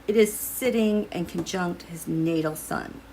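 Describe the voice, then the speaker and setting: A woman thinks aloud while drawing cards in a casual tarot and astrology reading for her audience. She speaks a little slowly in a low, slightly mellow voice, over a little hiss or hum.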